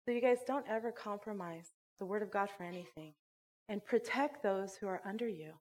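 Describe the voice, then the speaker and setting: A woman who runs a church school, teaching a sermon and telling a personal story with animated, laughing delivery. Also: mid-range voice, fairly quick. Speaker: Bible teacher and school director.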